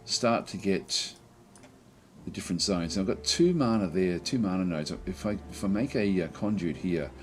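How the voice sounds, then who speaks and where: Low-voiced male let's-player, thinks aloud, halting delivery, faint music behind. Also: animated. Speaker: game commentator. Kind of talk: strategy game let's play commentary.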